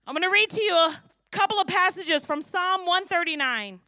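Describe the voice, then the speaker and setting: A woman in her fifties from St. Louis preaching a sermon, lively and joking, often asking the crowd questions. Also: extremely high pitch, moderate pace, dry recording, studio quality. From St. Louis, USA. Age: 50s. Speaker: preacher and kindergarten teacher.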